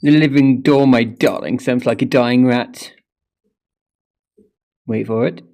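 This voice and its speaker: A woman's voice: a bass voice, slow, warm tone. A woman vlogging at home about her doors, theatrical and sweary, calling viewers darling. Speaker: vlogger demonstrating door closers. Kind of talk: casual vlog commentary. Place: indoors at home.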